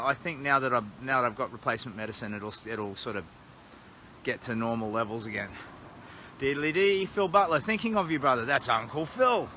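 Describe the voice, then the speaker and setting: A man's voice: medium pitch, sharp tone, slight background noise. A man with an Australian accent chatting casually and rambling on a livestream, filmed outdoors at night on a phone held at arm's length. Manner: rambling, chatty, self-deprecating. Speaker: charity walker livestreaming. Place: outdoors at a roadside motel at night.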